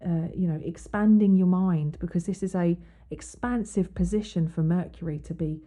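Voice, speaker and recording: Speaking at a moderate pace, a woman with a fairly low, dark voice talks casually through an astrology podcast. She reads quotes aloud and keeps chatting with many ums and restarts.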